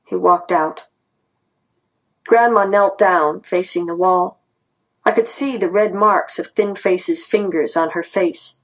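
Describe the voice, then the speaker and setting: A woman narrating a first-person story aloud in a tense, earnest reading voice with a husky grain. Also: on the low side, a little slow, rough recording. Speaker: audiobook narrator.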